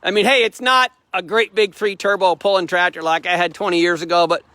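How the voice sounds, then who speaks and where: A man's voice: high-pitched, steady tone, brisk, pushed and bright, no echo. A middle-aged man hosting a casual walkaround, telling a rambling, plain-spoken story in a folksy way. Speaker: host, tractor dealer.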